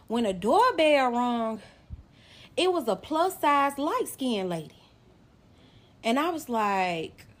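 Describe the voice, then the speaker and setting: A young woman vlogger telling a personal story straight to camera, animated and emotional, speaking directly to her viewers. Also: on the high side, measured pace. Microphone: phone or camera facing the speaker.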